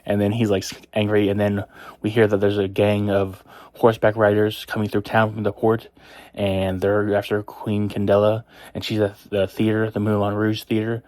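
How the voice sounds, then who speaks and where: A man's voice: fairly low pitch, monotone, moderate pace, a little mellow, no room sound, studio quality. Rambling man recapping a comic chapter. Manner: rambling, filler-heavy retelling with quoted lines. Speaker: manga chapter reviewer. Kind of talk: casual spoken recap.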